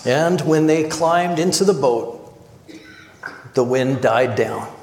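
Earnest preacher in an echoey hall. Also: male voice, medium pitch, slow pace. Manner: earnest, conversational, with animated retellings. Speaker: pastor. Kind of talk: sermon. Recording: echoey hall with long reverb.

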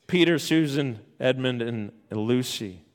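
A man's voice: mid-range voice, measured pace. A man preaching a sermon, retelling a Bible story with emphatic repetitions and frequent restarts. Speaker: pastor.

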